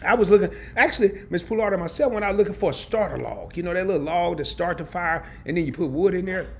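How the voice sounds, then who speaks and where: A man hosting a casual livestream, telling a story in an animated, slangy way and laughing often. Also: sits high, fast talker, vocal fry, a little hiss or hum. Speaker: travel and credit card channel host. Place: home during a power outage.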